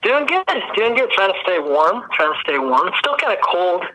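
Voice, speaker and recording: Bright-voiced young man, easygoing. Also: high voice, sing-song, moderate pace, rough recording. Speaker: guest singer-songwriter. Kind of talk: casual interview conversation.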